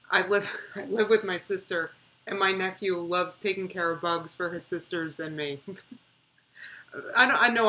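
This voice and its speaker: A talkative woman in her thirties addresses her audience directly on a casual reaction livestream. Her voice is bright and forward, on the low side. She keeps things loose and conversational, repeating words for emphasis.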